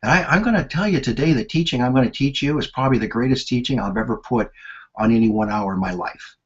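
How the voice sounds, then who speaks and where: A man in his sixties presenting a marketing lesson, telling anecdotes in an animated storyteller's way. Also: mid-range voice, fast talker, slightly rough, muffled recording.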